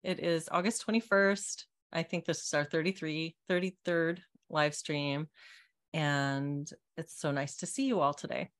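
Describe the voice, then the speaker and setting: A woman from Texas with a Texan accent, hosting a live stream in an earnest, halting way with many restarts. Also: deep voice, fairly even intonation. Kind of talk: casual live-stream chat.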